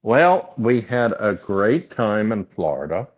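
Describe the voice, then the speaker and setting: A man with a Southern US accent, a guest chatting casually in a folksy, rambling way with many pauses. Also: lowish voice, big pitch swings, phone-quality sound. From American South. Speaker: podcast guest. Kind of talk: casual chat.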